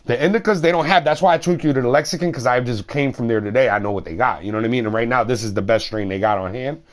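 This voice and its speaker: A man's voice: mid-range voice, fast. A man streaming a game, chatting casually in a slangy, rambling way and swearing freely. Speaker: gaming streamer.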